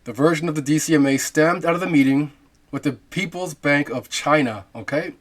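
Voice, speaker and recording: A man's voice: on the high side, a little fast. Rambling male crypto commentator. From half Jamaican. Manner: musing, rhetorical questions, frequent fillers. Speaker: crypto channel host. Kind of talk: casual screen-share commentary.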